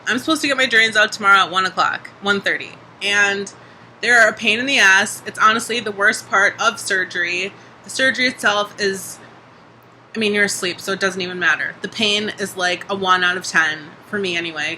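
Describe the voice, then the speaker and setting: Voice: mid-range voice, brisk, pushed and bright, slight background noise, low-quality recording. A young adult vlogger talking casually in a video diary, chatty, full of "like" and casual swearing.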